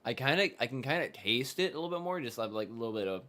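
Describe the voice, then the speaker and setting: A man's voice: mid-range voice, very animated, racing, a bit bright. Chatty man streaming a live game reaction. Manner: rambling, chatty, trails off and restarts.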